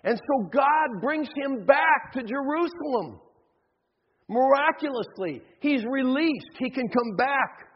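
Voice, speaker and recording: Impassioned preacher in a reverberant hall. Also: male voice, very high-pitched, expressive, takes it slowly, slightly rough. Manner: impassioned, acts out biblical figures. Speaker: pastor. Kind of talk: sermon. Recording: dull audio with long hall reverb.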